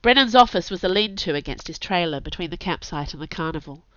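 A woman narrating a fantasy audiobook in a steady, measured way. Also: lowish voice, no echo. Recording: dull lo-fi dry recording.

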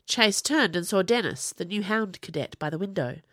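A woman narrating an audiobook in an expressive reading voice. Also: medium pitch, normal speed, no echo, clean studio sound.

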